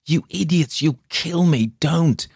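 A badly hurt man, frightened and accusing, his voice pushed up high and strained as he pleads and panics, put on by a male storyteller. The recording is close and dry, with no room sound. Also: measured pace, darkish tone, no room sound. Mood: panicked.

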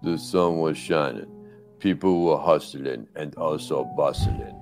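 A man voicing a deep-voiced dramatic film narrator, slow and grave, over loud music. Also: gravelly, full character voice. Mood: mock-solemn. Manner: slow, grave, portentous delivery. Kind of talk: mock-solemn documentary narration.

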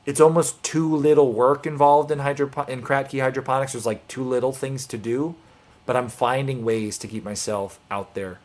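A man's voice: mid-range voice, steady tone, normal speed, darkish tone. A man hosting a live online homesteading show, talking casually and earnestly to viewers with encouraging, rambling speech and restarts.

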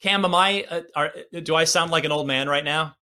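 A man in his forties with a bright, fairly high voice hosts a casual gaming podcast. He talks briskly but rambles, putting himself down and restarting his sentences often.

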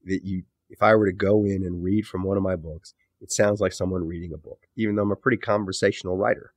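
A man's voice: deep voice, steady tone, fast, dry recording. A man being interviewed as an author, talking in a thoughtful, rambling way and often correcting himself mid-sentence. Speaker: author and podcast host, interview guest. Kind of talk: casual interview talk.

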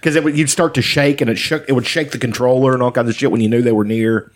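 A man's voice: medium pitch, fairly even intonation, quick pace. Man in casual talk; loose, profane, rambling delivery full of "like" and "you know.". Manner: rambling, profane storytelling with many fillers. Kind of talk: casual chat.

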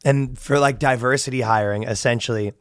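A man's voice: medium pitch, fairly even intonation, fairly quick, clean tone, dry recording, studio quality. A man co-hosting a comedy podcast in casual chat, rambling and riffing by acting out the people he describes. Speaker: podcast co-host.

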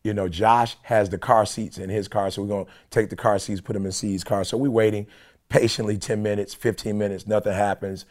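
On a conference call, a podcast co-host with a voice lower than most men's tells a casual story. He's lively and animated, quickly acting out what other people said in dialogue, keeping things loose and conversational.

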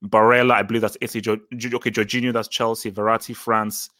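A man's voice: fairly low pitch, little pitch movement, quick pace, bright, forceful tone. A man in casual football chat, thinking aloud and often stammering and restarting as he works through names. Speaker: podcast co-host.

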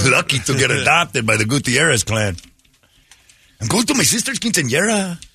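A man voicing a brash young Swedish-born man raised by a Mexican family, in a loud, high, laughing voice. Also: very animated, moderate pace, vocal fry, slightly rough, full character voice.

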